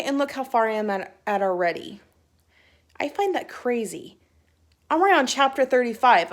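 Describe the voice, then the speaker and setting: Chatty young woman talking books. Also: a little high. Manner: chatty, giggly, rambling with restarts. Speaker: book vlogger. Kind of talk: casual book chat to camera. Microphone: phone.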